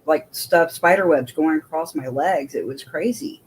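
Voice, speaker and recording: A woman's voice: sits low, moderate pace, slight background noise. A woman, a military veteran, telling her story as an interview guest in a rambling way with many restarts.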